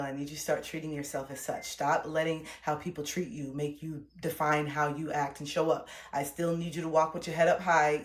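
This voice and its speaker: A woman's voice: low-pitched, a little hiss or hum. A woman in her thirties, a relationship coach, giving blunt, emphatic motivational talk on a livestream and swearing freely. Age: 30s.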